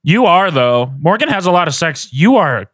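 A man's voice: on the high side, very animated, normal speed, a bit bright, dry recording, clean studio sound. A young man co-hosting a podcast, teasing and joking bluntly in casual chat. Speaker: podcast co-host.

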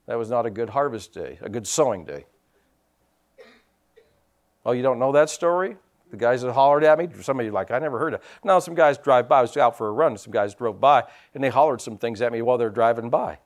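With a mid-range, animated voice and a fairly quick pace, a man preaches a sermon in conversational style. He says amen frequently and moves from soft asides to louder, stressed points.

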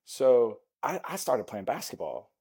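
A man's voice: medium pitch, very animated, a little slow, gravelly, a little mellow, breathy edge. A man in his forties, a guest on a podcast, telling rambling, self-mocking anecdotes in a casual way. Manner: rambling anecdotes, restarts, laughs at himself. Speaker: podcast guest, former NFL lineman. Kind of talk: casual storytelling in an interview.

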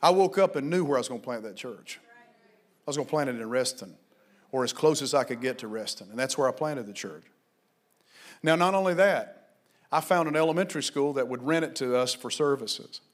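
Speaking briskly, a man preaches as pastor in a medium pitch with lively intonation. His fervent, exhorting delivery alternates between shouting and quiet storytelling.

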